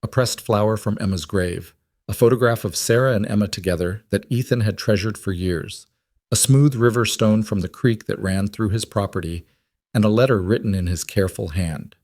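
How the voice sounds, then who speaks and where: A man reading a frontier story aloud as a scripted audiobook narration, steady and measured. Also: on the low side, no room sound, clean studio sound.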